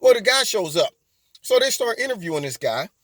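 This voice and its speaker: Mocking, high-voiced male commentator. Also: sing-song, brisk, fairly bright tone, dry recording. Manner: mocking, emphatic, rambling asides. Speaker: host of a political commentary channel. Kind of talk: political commentary monologue.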